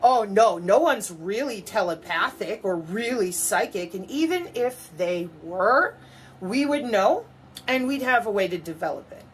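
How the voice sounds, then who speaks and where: A woman's voice: mid-range voice, animated, unhurried, slight background noise. A woman in a mocking, profane monologue to camera, full of sarcasm. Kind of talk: ranting monologue.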